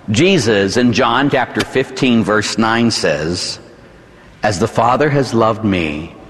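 Animated Pittsburgh priest preaching in a hall. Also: male voice. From Pittsburgh, USA. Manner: animated, dramatic pitch swings, folksy asides. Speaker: Catholic priest. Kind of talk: evening sermon. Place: church. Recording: reverberant church hall.

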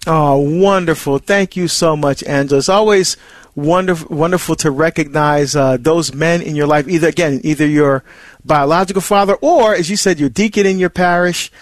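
A man hosting a call-in radio program with a high-pitched voice. He speaks in an encouraging, friendly way to his callers, in a dry studio sound. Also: moderate pace, no echo. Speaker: radio show host.

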